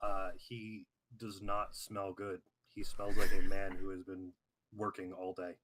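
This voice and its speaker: A man describing his character's actions in a tabletop game, often pausing with "uh". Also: low voice, monotone, noisy background. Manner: hesitant, starts lines with uh. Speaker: player.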